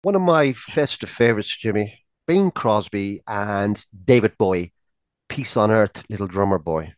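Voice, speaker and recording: A man co-hosts a light chat show, tossing out brisk quiz-style questions. His voice sits on the low side and sounds dry and close. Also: animated, dry recording. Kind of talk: casual chat.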